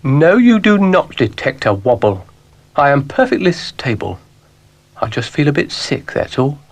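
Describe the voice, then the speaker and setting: Man doing sardonic shaggy dog, dry put-downs, unhurried. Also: fairly high pitch, sing-song, voice pushed up, heavily acted. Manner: dry, sarcastic.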